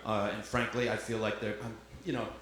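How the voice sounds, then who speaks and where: A man's voice: lowish voice, flat delivery, a little fast, a bit bright. A man doing a stand-up comedy set, crude and bantering, with self-deprecating asides to his puppet. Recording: echoey club with crowd noise.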